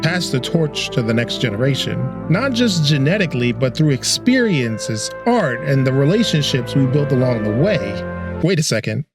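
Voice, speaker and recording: A man's voice: medium pitch, very animated, normal speed, music in the background. A man hosting a comedic video about sports games, narrating in a sarcastic, joking way. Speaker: video host. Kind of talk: comedic game commentary narration.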